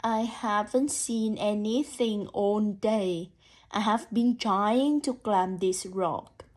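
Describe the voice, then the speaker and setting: A woman voicing a slow-moving male turtle, speaking low and calm in a picture-book read-aloud.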